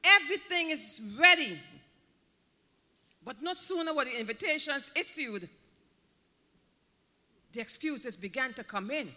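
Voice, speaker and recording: A man's voice: very high-pitched, animated, moderate pace, long pauses, bright, forceful tone, big-room sound. A man preaching a sermon, emphatic and driving his points home by repeating key words.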